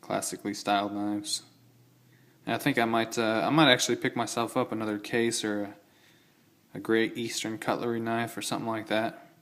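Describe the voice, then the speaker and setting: A young man with a fairly low, slightly bright voice shows off his old-style knives and keys in a casual vlog. His delivery is flat and brisk as he rambles, corrects himself and tosses in enthusiastic asides about his collection.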